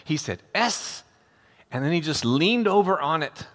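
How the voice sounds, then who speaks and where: A man's voice: a little high, lively intonation, a little fast. An older man preaching a storytelling sermon as a pastor, speaking conversationally and calling his listeners friends. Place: church sanctuary. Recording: long hall reverb in a church.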